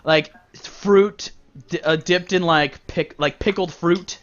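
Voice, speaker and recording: A man running a tabletop game as game master, rambling casually and hesitating often, with a voice pitched a bit high. He comes through a dull, lo-fi online voice chat. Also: steady tone, slow pace. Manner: rambling, filler-heavy, casual.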